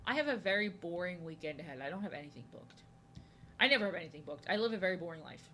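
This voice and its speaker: Drawing on stream, this young woman chats with her audience, responding to comments and frequently saying things twice. She speaks on the low side at a racing pace, with lively intonation and a sharp tone, over slight background noise.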